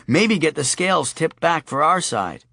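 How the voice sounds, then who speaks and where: A man's voice: a little high, sing-song, moderate pace, pushed and bright, dry recording, clean studio sound, pitched above the performer's own voice, exaggerated voice. A man voicing a jittery, wry shopkeeper hero. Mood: earnest. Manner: anxious, joking, earnest. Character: nervous, wry male shopkeeper turned death merchant.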